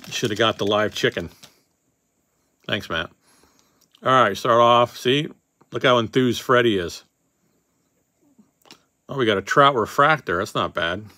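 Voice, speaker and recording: A man's voice: medium pitch, measured pace, pauses often, sharp tone, no echo, studio quality. A man hosting a casual card-opening session, reading off names as he goes and joking offhand with a few swear words. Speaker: card box breaker host.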